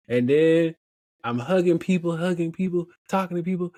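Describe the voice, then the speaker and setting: A young adult man telling a story as a podcast guest, animated and laughing often, acting out the other voices in his story. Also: a little high, normal speed, dry recording. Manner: animated, laughs often, acts out quoted dialogue. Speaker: podcast guest, motivational speaker. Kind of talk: casual storytelling in an interview.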